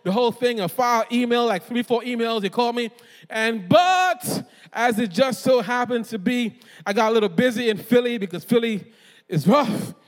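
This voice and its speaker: A man preaching as a guest pastor, animated and joking, calling on the congregation to answer back. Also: extremely high pitch, normal speed. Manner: animated, calls for audience response, self-deprecating jokes. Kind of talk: energetic sermon. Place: church hall. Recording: long hall reverb.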